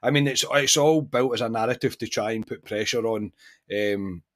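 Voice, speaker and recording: A man with a Scottish accent hosting a football podcast, chatting casually in an animated, incredulous way with many restarts. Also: fairly low pitch, moderate pace. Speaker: podcast host.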